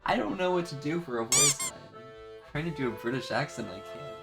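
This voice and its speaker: Woman streamer, casual joking commentary, very deep voice, game music behind. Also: wildly swooping pitch, brisk. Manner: joking, self-deprecating.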